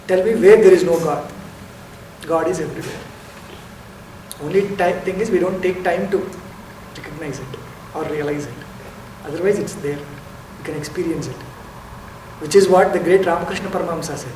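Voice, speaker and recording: Man, high-pitched, meditation teacher, explains and asks rhetorical questions, miked from a distance. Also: normal speed, pauses often, darkish tone. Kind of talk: spiritual lecture. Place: lecture hall. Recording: roomy hall, distant mic, faint noise.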